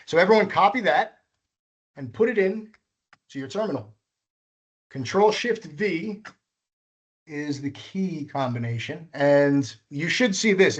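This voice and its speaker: A man's voice: on the high side, a bit bright. A man leading a live coding workshop, walking through each step patiently and correcting himself as he goes. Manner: patient, walks through steps, self-correcting. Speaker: workshop instructor.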